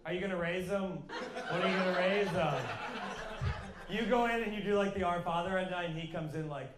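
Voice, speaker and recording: A male comedian works the crowd from a club stage, teasing and mocking, often laughing at his own lines. His voice sits high. The live room is echoey, with loud noise behind him. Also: steady tone, a little fast. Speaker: stand-up comedian doing crowd work. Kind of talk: stand-up crowd work.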